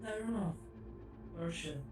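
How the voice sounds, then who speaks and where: A woman player giving quick, wry short replies, heard on a distant, echoey mic. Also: lowish voice, lively intonation, over loud music.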